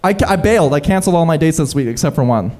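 A man's voice: fairly high pitch, animated, very fast, a little mellow. A male comedian guest on a live podcast, telling stories about his own dating life in a self-deprecating way on a stage microphone.

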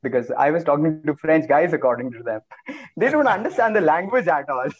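A man's voice: fairly high pitch, lo-fi sound. A man from India, a podcast guest on a video call, talking in a casual, joking way and laughing often. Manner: laughing, joking, quick excitable bursts.

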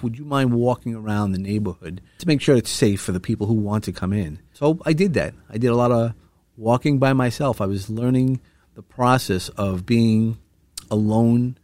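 A man's voice: mid-range voice, darkish tone, dry recording. A middle-aged man telling a personal story in an earnest, heartfelt way, rambling a little with restarts. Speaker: vlogger sharing a personal story.

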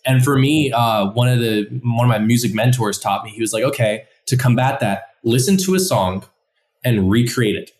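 This man talks about his songwriting like a mentor passing on a trick, animated and quick to voice his own past thoughts. His voice sits in the middle range. He sounds as if he is in a roomy, echoing space. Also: mid-range voice. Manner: enthusiastic, explains by acting out his own thoughts. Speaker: musician and songwriter. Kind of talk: casual group discussion.

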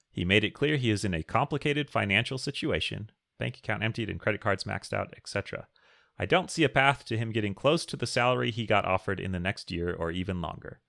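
A man's voice: on the low side, vocal fry, fairly bright tone, no room sound, clean studio sound. A man co-hosting a podcast, chatting casually, laughing often and reading listener questions aloud. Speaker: podcast co-host. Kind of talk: casual chat.

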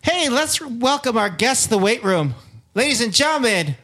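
A man co-hosting a comedy fitness podcast, playful and jokey, riffing quickly on bits. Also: very high voice, expressive, fairly bright tone. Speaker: podcast co-host. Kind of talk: casual comedic chat.

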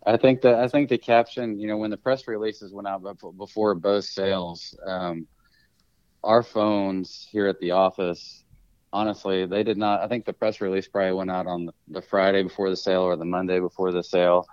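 A man's voice: low voice, level tone, moderate pace, darkish tone, clear, resonant tone, no room sound, highs cut off. A man, an appraiser and auctioneer, explaining his work in a podcast interview, with many restarts and fillers.

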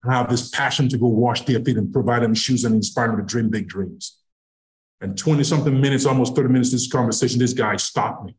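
A middle-aged Nigerian man, appearing as a podcast guest, speaks at medium pitch and a quick pace. He tells a personal anecdote with lively energy, acting out the quoted dialogue as he goes.

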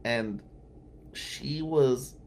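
A man from New Jersey hosts a podcast, telling blunt, casual stories in tribute to a colleague. His mid-pitched voice has a gravelly rasp, with faint noise underneath. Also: drawn-out words, darkish tone. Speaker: podcast host, defense lawyer. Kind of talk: storytelling tribute.

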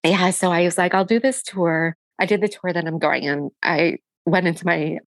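Young woman guest, low-ish voice, dry close sound, talks in halting emotional bursts. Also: fairly even intonation, no room sound. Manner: halting, emotional, often quoting herself; frequent fillers and restarts. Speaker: guest sharing a personal story. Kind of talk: candid conversational storytelling.

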